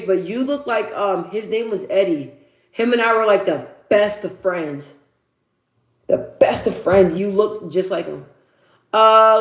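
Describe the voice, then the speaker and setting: Speaking at a medium pitch with a roomy acoustic, this livestream host chats in a loose, rambling, candid way. She curses without hesitation and reads out what her viewers comment.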